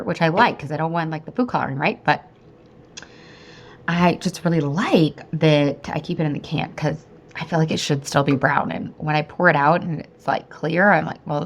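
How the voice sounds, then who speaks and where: Chatty woman podcast host, rather low voice. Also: gravelly, dull audio. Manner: chatty and animated, swears freely, laughs often. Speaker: podcast host and weight-loss coach. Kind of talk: casual podcast monologue.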